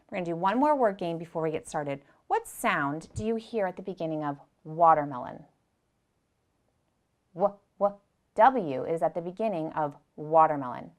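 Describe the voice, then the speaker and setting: Woman, young adult, preschool teacher, gentle and patient, slow clear lesson, lowish voice. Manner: gentle, patient, speaks to small children and repeats instructions.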